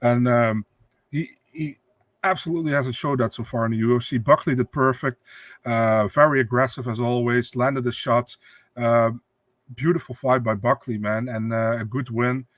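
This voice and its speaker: A man co-hosting a casual sports podcast, talking loosely with halting restarts and casual swearing. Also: mid-range voice, steady tone, dry recording. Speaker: podcast co-host.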